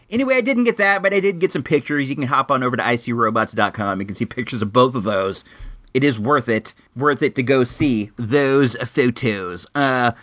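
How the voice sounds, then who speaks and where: A man hosting a podcast, talking casually in a lively, chatty way with drawn-out asides. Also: medium pitch, no room sound, clean studio sound. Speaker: podcast host. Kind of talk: casual monologue.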